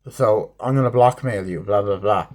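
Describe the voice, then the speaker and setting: A man giving a rambling, profane spoken movie review, acting out scenes in quick snippets. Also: on the low side.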